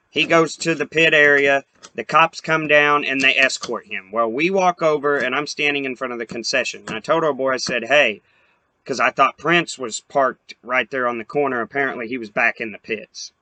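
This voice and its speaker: A man's voice: mid-range voice, bright, forceful tone, dry recording. A young man hosting a podcast, telling a story in a profane, heated, rambling way. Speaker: podcast host. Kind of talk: casual storytelling rant.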